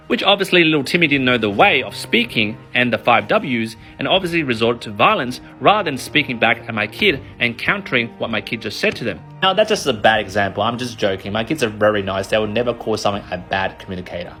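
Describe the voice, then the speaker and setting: A man in his thirties talks to camera about raising kids, energetic and emphatic, with a bright, forceful tone. His delivery is animated, and faint music plays behind him. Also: medium pitch, quick pace, hardly any pauses. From Australia. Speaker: parenting and kids' finance author. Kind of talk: motivational talk to camera.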